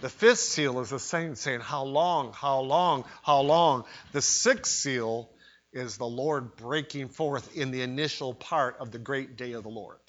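A man's voice: mid-range voice, animated, measured pace. Emphatic male preacher, lo-fi recording. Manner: emphatic, rising to loud cries on quoted pleas. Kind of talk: sermon. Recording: dull lo-fi sermon recording.

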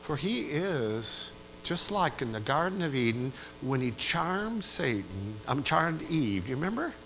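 A man preaches a sermon to a church congregation, dropping to quiet, low asides and then climbing to loud, emphatic peaks. He keeps turning to his listeners with repeated questions. A faint hum sits behind the recording. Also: very animated, measured pace, rough recording. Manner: preaching with big swings between quiet asides and loud rising climaxes.

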